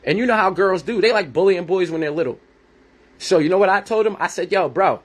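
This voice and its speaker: A podcast host in his thirties launches into a blunt, profane, heated rant, acting out conversations he has had. His voice is high-pitched and brisk, with lively intonation.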